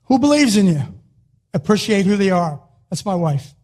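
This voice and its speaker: An older man giving a motivational speech to an audience, emphatic and repetitive, sometimes rising to a shout. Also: high-pitched, big pitch swings, normal speed. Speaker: motivational speaker.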